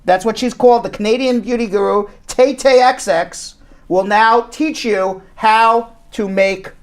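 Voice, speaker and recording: A man's voice: high voice, steady tone, measured pace, clean tone. A man co-hosting a live radio and stream show from a law office, rambling, teasing and correcting himself as he talks. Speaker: immigration attorney and co-host.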